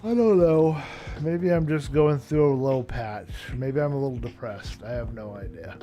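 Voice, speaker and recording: A drowsy man chats in a loose, rambling way as he plays, often trailing off. His voice sits at an ordinary pitch. Music runs clearly underneath his talk. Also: moderate pace, mellow, lo-fi sound. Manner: low-key, rambling, hesitant, yawning. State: tired and yawning. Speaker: streamer. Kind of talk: casual live-stream chat while playing. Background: background music.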